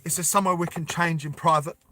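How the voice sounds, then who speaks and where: A frightened mother who pleads in a raised, urgent voice, as a man puts her on in a storytelling video. The tone is bright and dry. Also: a little high, fairly even intonation, quick pace, no room sound, pitched above the performer's own voice. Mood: anxious. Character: frightened mother guarding her young son.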